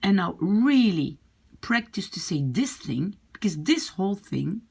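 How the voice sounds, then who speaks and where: A woman language teacher speaking slowly and patiently, with a slightly husky tone. She repeats each example carefully, her pitch rising and dipping with lively emphasis. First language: French or Dutch. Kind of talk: explaining French grammar in English.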